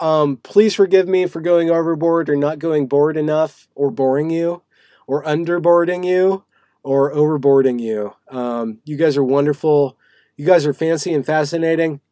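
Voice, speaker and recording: A man's voice: fairly high pitch, darkish tone, no room sound, clean studio sound. A man hosting a live stream from a small room, talking casually and playfully in a rambling way, with many fillers and restarts. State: sweaty. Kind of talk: casual livestream monologue.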